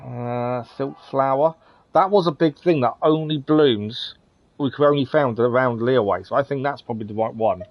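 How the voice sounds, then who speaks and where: A man's voice: mid-range voice, moderate pace, no echo, dull audio. A male streamer giving casual let's-play commentary, thinking aloud and hesitating with frequent ums.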